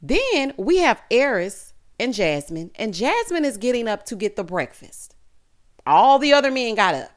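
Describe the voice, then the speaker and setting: A woman in her thirties giving a sassy, animated recap of a reality show, calling her viewers honey and child. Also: on the high side, moderate pace. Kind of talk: casual recap commentary.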